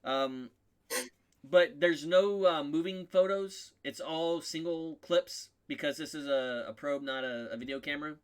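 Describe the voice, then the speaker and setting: A man's voice: a little high, unhurried, clear, resonant tone. A man narrating a tabletop role-playing game as game master, rambling with many ums and correcting himself.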